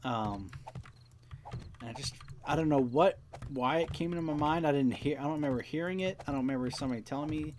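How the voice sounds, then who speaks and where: A man's voice: a little high, fast, darkish tone, slight background noise. A young man hosting a game let's play, rambling casually, swearing often and acting out quoted dialogue. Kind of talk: casual rambling commentary while playing.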